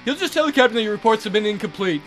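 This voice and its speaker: A man's voice: high-pitched, animated, racing, faint music behind. A man reading a text adventure aloud, voicing a blunt but sympathetic senior naval officer in a firm, emphatic manner.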